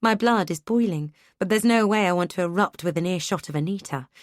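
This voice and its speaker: A woman's voice: lowish voice, fairly quick, no room sound, clean studio sound. Woman narrating an audiobook. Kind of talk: first-person audiobook narration.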